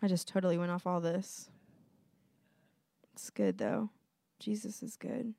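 A woman's voice: on the low side, fairly even intonation, a little slow, creaky, mellow, no room sound, clean studio sound. A young woman giving a casual sermon in a conversational way, laughing often and using lots of fillers. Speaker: preacher.

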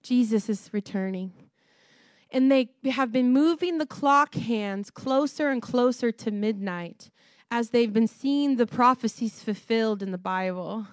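A woman preaching a sermon to a congregation, passionate and building to near-shouts, laughing between points. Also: on the high side, a little slow, no echo, studio quality.

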